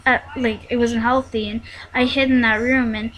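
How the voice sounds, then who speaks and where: A teenage girl telling a personal story in a vlog, halting and rambling, with many fillers and restarts. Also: fairly high pitch, little pitch movement, fairly bright tone, low-quality recording. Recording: faint background noise.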